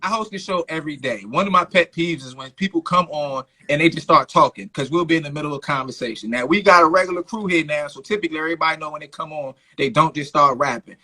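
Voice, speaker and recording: Animated high-voiced male talk-show host. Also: fast talker, hardly any pauses. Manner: animated, acts out quoted lines. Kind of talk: live call-in talk show.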